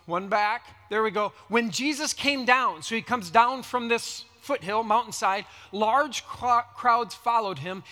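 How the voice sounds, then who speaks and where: A man preaching a sermon, teaching in an unhurried, conversational way and reading scripture dramatically. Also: high-pitched, sharp tone. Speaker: pastor. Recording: long hall reverb.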